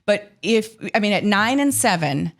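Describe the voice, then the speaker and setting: A woman's voice: medium pitch, expressive, normal speed. A woman in her thirties co-hosting a podcast, chatting candidly about her kids and laughing as she swears. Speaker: podcast co-host. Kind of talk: casual chat.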